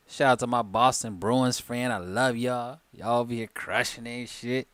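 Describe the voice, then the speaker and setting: A livestream host, a little tipsy from wine, chats loosely and jokes with his viewers in a casual live-stream. His mid-range voice is a bit bright, with fairly even intonation, normal speed, and hardly any pauses. There's no room sound.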